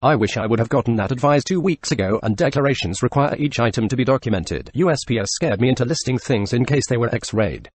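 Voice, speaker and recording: A male text-to-speech robot voice reading forum questions and answers in an even, synthetic way. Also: medium pitch, slightly rough. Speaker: video narrator. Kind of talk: reading forum posts aloud.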